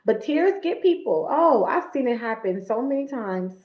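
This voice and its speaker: Blunt lady chatting on a livestream, kinda high voice, lots of room echo. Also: moderate pace. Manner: blunt, animated storyteller. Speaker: esthetician and livestream host. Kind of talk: casual livestream chat.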